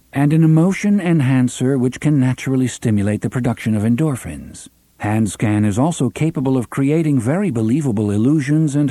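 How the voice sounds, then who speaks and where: A man's voice: medium pitch, warm tone, no room sound. A man voicing a smug male train computer with a drawling, complacent manner.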